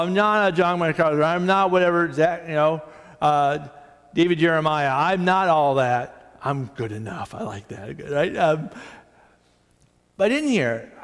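Male pastor, conversational sermon delivery, self-deprecating asides, fairly high voice, reverberant church hall. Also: a bit bright. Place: church sanctuary.

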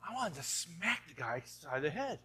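A man's voice: on the high side, big pitch swings, moderate pace, bright, forceful tone, husky. A man preaching a sermon as pastor, talking to the congregation in a conversational way and often tossing in "right?" before building to emphatic urging. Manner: rising to emphatic exhortation.

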